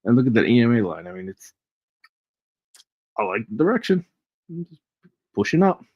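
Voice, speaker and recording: A man hosting a relaxed live stream, talking through his trades in a loose, joking way and breaking into chuckles between remarks. His voice sits at an ordinary middle pitch. The audio is dry and dull, with a slightly lo-fi stream sound. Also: normal speed, no echo. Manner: chatty, jokey, often chuckling while reading charts aloud. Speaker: host of a live crypto trading stream. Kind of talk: casual live-stream chat.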